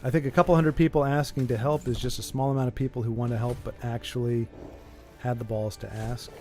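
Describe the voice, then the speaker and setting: A man hosting a stream, chatting casually in a rambling, animated way. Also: medium pitch, faint music behind. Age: adult with a young child. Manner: rambling, animated, does quick silly voices. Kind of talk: casual chat.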